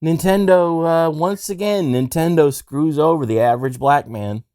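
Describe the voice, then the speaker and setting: A man's voice: fairly high pitch, normal speed, warm tone, dry recording, clean studio sound. Rambling male podcast host. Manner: rambling storyteller, crude jokes. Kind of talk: casual comedic chat.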